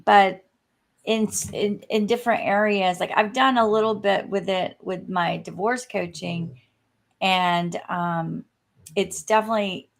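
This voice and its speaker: A woman who coaches, co-hosting a podcast in a relaxed, agreeable casual chat. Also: mid-range voice, a little slow, vocal fry.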